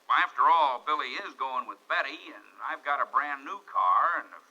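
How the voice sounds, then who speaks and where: A fumbling, wheedling neighbor. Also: male voice, mid-range voice, moderate pace, sharp tone. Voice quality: hemming and hawing. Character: hesitant scheming male neighbor, fumbling. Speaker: radio sitcom actor. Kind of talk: 1940s radio acting. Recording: dull old radio broadcast with hiss.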